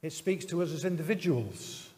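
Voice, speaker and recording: Male preacher, fairly high voice, earnest and measured, reverberant church hall. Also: lively intonation, darkish tone. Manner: earnest, measured, with many pauses and fillers. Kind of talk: sermon.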